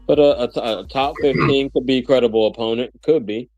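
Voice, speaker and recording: A man's voice: mid-range voice, a little fast, darkish tone, dry recording, muffled recording, faint music behind. Brash joking man on a dry mic. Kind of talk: casual chat. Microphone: remote livestream call.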